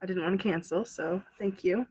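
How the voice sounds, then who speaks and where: A young woman with a cold and slightly congested, a streamer guest chatting casually and quickly. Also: mid-range voice, darkish tone, breathy edge, highs cut off. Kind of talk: casual interview chat.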